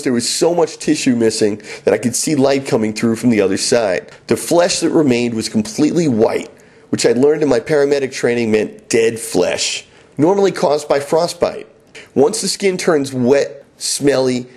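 Husky middle-aged male storyteller, wry and self-mocking. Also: medium pitch, darkish tone. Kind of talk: first-person storytelling.

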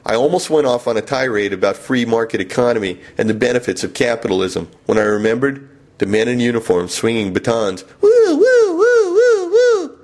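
A man hosting a podcast, telling a comic first-person travel story in a wry, animated way. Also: on the low side, a little fast.

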